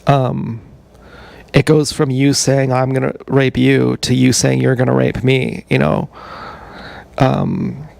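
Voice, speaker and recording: A man telling a long, meandering personal story on a livestream, halting and full of fillers. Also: medium pitch, completely flat delivery, vocal fry, darkish tone. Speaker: streamer. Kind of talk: rambling livestream monologue.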